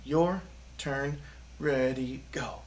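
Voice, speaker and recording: A man's voice: mid-range voice, extremely slow, slight background noise. A man teaching a children's rhythm lesson, cheerfully chanting rhythm syllables for students to echo back. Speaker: music teacher. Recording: music playing behind the voice.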